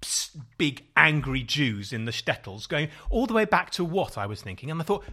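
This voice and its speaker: A man's voice: fairly high pitch, very animated, moderate pace, sharp tone. A middle-aged man co-hosting a podcast, telling rambling, self-mocking stories in casual chat. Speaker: podcast co-host.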